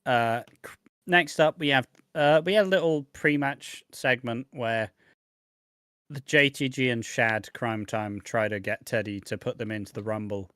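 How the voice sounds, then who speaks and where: A man co-hosting a podcast, rambling through a wrestling review with sardonic asides and frequent swearing. His voice is mid-pitched and recorded dry and close. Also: measured pace, a bit bright, smooth, no room sound. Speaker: podcast co-host. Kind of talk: casual wrestling review chat.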